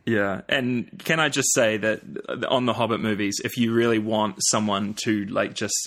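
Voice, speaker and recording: A man's voice: fairly low pitch, fairly even intonation, moderate pace, a bit bright. A man with a New Zealand accent, a podcast guest chatting casually with many fillers, restarts and easy laughter. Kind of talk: casual chat.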